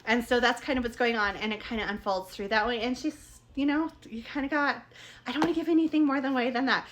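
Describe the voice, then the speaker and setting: A woman talks through a book review in a loose, chatty ramble. Her voice sits a little high, and she keeps circling back with fillers and restarts. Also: fairly even intonation, fast, a bit bright. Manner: rambling, chatty, many fillers and self-corrections. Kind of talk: casual chat.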